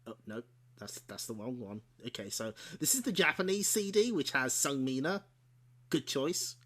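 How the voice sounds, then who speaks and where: This streamer host has a high, bright voice with a forceful tone. He chats casually and laughs often while showing off old game discs, giggling and correcting himself as he goes.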